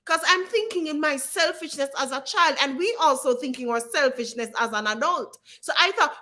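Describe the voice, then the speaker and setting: A woman's voice: high-pitched, animated, normal speed, pushed and bright. A woman hosting a live stream, talking directly and encouragingly to her viewers and calling on them by name. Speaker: livestream host. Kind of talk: live-stream advice talk.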